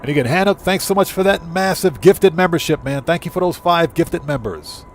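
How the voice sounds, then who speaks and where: A man hosting a live gameplay stream, trash-talking rival players and giving loud shout-outs to chat members. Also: on the high side, brisk, a little hiss or hum. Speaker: livestream host.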